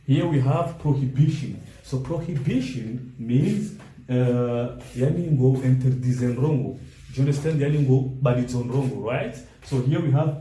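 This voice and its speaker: A man teaching an English grammar lesson, switching between English, French and a local language, reading example sentences out slowly. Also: fairly high pitch, lively intonation, dark tone, roomy sound, a little hiss or hum, low-quality recording.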